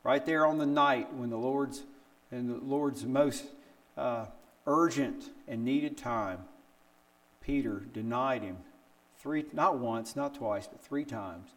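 Older male pastor, sermon delivery, animated storyteller who tosses out rhetorical questions and leaps up in pitch for quotes. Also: slow. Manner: acts out quotes with big pitch jumps.

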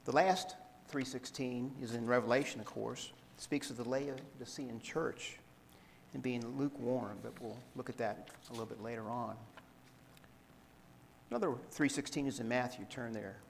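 A man preaching a sermon, reading scripture aloud in a measured way and explaining it to the congregation. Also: mid-range voice, gravelly, big-room sound, a little hiss or hum, low-quality recording. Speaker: pastor.

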